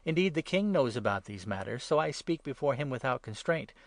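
A man's voice: mid-range voice, lively intonation, a little fast, no echo, lightly acted. A man reading Paul making an earnest defense.

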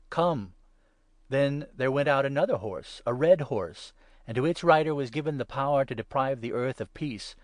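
A man giving a solemn, measured Bible reading that swells louder on the proclaimed passages. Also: mid-range voice, no room sound. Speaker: scripture reader.

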